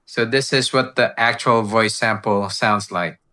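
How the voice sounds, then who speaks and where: A man with a bright, forward voice narrates a software walkthrough, explaining each step in an unhurried way. He sounds relaxed and practical, like a tutorial host. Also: on the low side. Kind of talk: screen-recorded software walkthrough.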